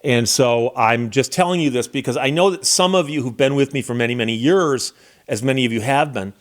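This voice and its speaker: A middle-aged lawyer and YouTube host from the United States speaks fairly quickly in a mid-range voice. His casual monologue is somber and reflective, with frequent restarts.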